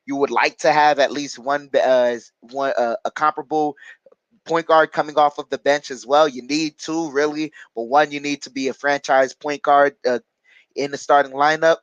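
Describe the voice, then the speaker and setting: Reading out and answering viewer comments during a live basketball watch-along, this host sounds casual, chatty and hesitant, using plenty of fillers. His fairly high voice is steady, clean and a bit bright at a moderate pace, and the recording is dry and muffled.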